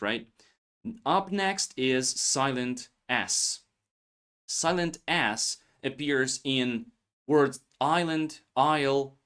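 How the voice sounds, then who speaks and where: A man teaching English pronunciation, saying single words slowly and clearly for learners to repeat. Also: mid-range voice, a bit bright. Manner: slow, deliberate, stresses single words for repetition. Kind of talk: pronunciation lesson, word drills.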